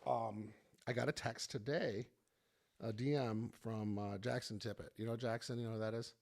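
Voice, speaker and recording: Gravelly-voiced man in casual banter. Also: medium pitch, fairly even intonation, moderate pace, a little mellow. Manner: loose, laughing, swearing banter. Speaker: podcast host and fitness coach. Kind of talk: casual chat.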